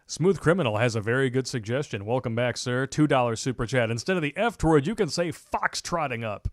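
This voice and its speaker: Brief: male livestream co-host, mid-pitch, sarcastic and quick to laugh, dry close mic. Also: expressive, dry recording. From Michigan, USA. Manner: joking, sarcastic, laughs often. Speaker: podcast co-host reading super chats. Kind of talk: casual livestream chat.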